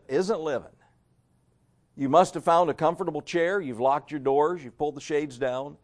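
A man preaching a sermon to a church congregation, swinging between loud emphasis and hushed asides. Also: on the high side. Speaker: pastor.

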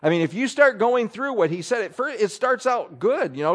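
Lively preaching man, rising and falling. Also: high-pitched, moderate pace. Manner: preaching with emphatic rises and drops, reading Scripture aloud. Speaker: pastor. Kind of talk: sermon. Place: church.

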